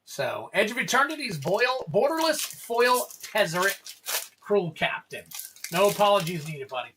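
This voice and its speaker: This man hosts a casual card-opening livestream and speaks in a fairly high register. His voice is bright and forward. He rambles easily to his viewers and reads card names and prices aloud along the way. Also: very animated, moderate pace, a little hiss or hum.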